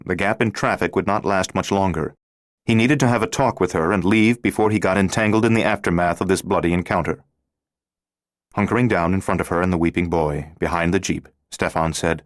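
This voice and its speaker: A man reading an audiobook thriller in a steady, measured scripted narration. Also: sits low, no room sound, studio quality.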